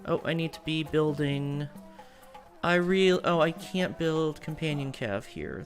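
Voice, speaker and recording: A woman's voice: low-pitched, unhurried, soft background music. An American woman streamer with a General American accent, chatting casually and thinking aloud while she plays a strategy game. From United States. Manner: thoughtful and digressive, thinking aloud.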